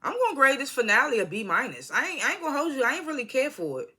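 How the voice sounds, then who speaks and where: This American vlogger reviews a TV episode into a phone in a loose, slangy, rambling way, full of asides and self-corrections. The voice is high-pitched and husky with a sharp tone, big pitch swings, and a quick pace.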